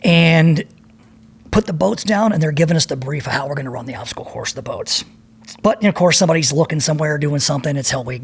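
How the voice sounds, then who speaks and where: This is a former Navy SEAL in his fifties, appearing as a podcast guest and casually spinning rambling, profane war stories. His voice is a little high and sing-song, husky with vocal fry, and he talks quickly.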